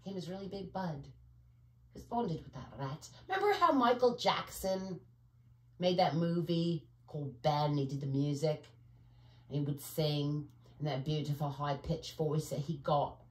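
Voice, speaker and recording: A woman's voice: low voice, expressive, normal speed, roomy sound. A woman talking to camera in a rambling, digressive monologue, often searching for words and filling with "you know.". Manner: conspiratorial, speaks in asides. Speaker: vlogger.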